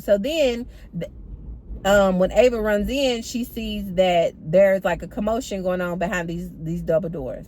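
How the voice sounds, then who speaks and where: A woman's voice: medium pitch, normal speed, darkish tone. A woman chatting animatedly to her viewers as she recaps a TV episode, apparently from a car. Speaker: TV recap vlogger. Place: in or by a parked car.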